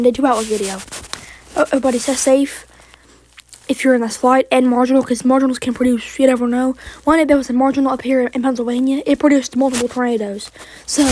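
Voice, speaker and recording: A woman's voice: sits high, a little mellow, a little hiss or hum. A woman reading a weather outlook in a rush, stumbling over place names and correcting herself, sounding frustrated. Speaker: amateur weather outlook presenter. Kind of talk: rushed weather forecast reading.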